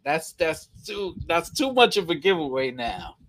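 A man's voice: on the high side, big pitch swings, measured pace, fairly bright tone. A man with a thick New York accent hosting a casual live stream, chatting playfully and reading viewer comments aloud, repeating phrases and chuckling often.

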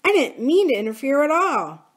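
A woman's voice: on the high side, big pitch swings, normal speed, pitched above the performer's own voice. A woman voicing an earnest, anxious schoolboy in a storybook reading. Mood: pleading. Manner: earnest, pleading.

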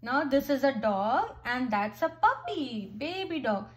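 A woman's voice: sits high, expressive, unhurried. A mother reading a picture book about animals with her young child, patient and full of praise.

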